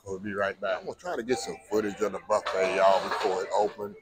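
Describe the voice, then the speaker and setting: A man's voice: lowish voice, quick pace, background noise. Chatty man vlogging on a cruise. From Texas. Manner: chatty, addresses viewers as y'all. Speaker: food vlogger. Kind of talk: casual vlog narration. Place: aboard a cruise ship, walking the decks.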